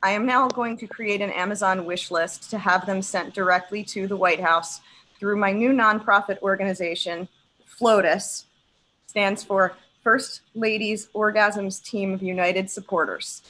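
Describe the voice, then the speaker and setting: A young woman performing a stand-up set on a video call, emphatic and profane, pausing like a preacher between lines. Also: mid-range voice, fairly even intonation, pushed and bright, poor audio. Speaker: stand-up comedian.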